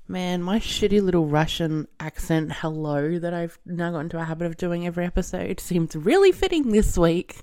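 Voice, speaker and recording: A woman's voice: lowish voice, lively intonation, normal speed, darkish tone. A woman hosting a podcast, reviewing a film in a casual, irreverent monologue, swearing and laughing as she goes. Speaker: podcast host.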